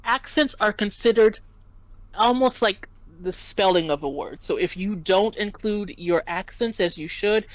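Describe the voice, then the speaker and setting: A woman's voice: mid-range voice, measured pace, dry recording, low-quality recording. Patient woman tutoring French, dry sound. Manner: patient, explains and spells out words. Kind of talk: casual language lesson.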